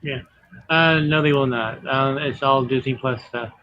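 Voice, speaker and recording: A man's voice: mid-range voice, measured pace, lo-fi sound. A man giving brief, matter-of-fact answers as a guest on a casual live stream. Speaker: guest giving entertainment news.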